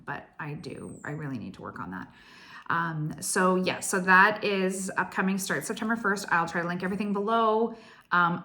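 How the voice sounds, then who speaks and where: A woman, gushing through a chatty cross stitch vlog story with lots of "like". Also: lowish voice. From Canada. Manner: excitable, gushing, heavy use of "like".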